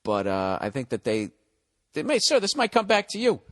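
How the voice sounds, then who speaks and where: A man's voice: a little high, wildly swooping pitch, moderate pace. A man hosting his own podcast, talking in a casual, rambling monologue that is blunt, joking and full of swearing. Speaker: podcast host.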